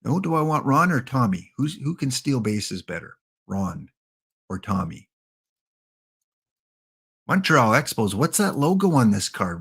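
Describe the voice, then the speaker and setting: A man's voice: mid-range voice, sing-song, unhurried, long pauses, a bit bright, slightly rough. A man streaming a baseball sim game, chatting casually, joking and thanking viewers as he plays. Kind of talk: casual live-stream chat while playing.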